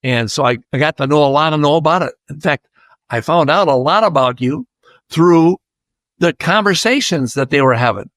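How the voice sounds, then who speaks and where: A man's voice: fairly high pitch, animated, normal speed, fairly bright tone, no room sound. An older man from Iowa, a podcast guest, chatting through a rambling personal story and acting out the voices of people he quotes.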